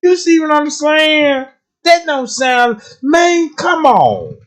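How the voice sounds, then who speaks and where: A man hosts a livestream in an extremely high, sing-song, slightly bright voice, taking his time, with a country Southern US accent. He swears freely, repeats words when he stumbles, and keeps asking if his listeners follow.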